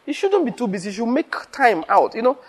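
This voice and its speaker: A man's voice: very high-pitched, very animated, quick pace. A man preaching, chuckling and asking rhetorical questions. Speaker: pastor. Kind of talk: teaching sermon.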